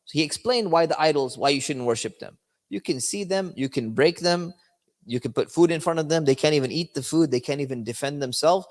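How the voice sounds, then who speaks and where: A man's voice: a little high, brisk. A man giving a religious lesson in a conversational, explaining manner, checking in with his listeners as he goes. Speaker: religious teacher. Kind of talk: religious lecture. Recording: long hall reverb.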